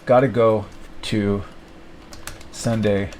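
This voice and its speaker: A man's voice: fairly low pitch, steady tone, takes it slowly, a little mellow, a little hiss or hum, poor audio. A young man thinking aloud at his desk, rambling and self-mocking as he plans his week. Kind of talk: rambling solo self-talk.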